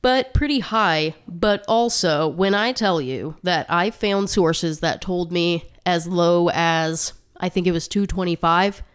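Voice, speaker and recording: A woman's voice: lowish voice, slow, hardly any pauses, clean tone. A woman co-hosting a podcast, chatting casually and reading out statistics with asides, a little short of breath. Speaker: podcast co-host. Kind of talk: casual chat.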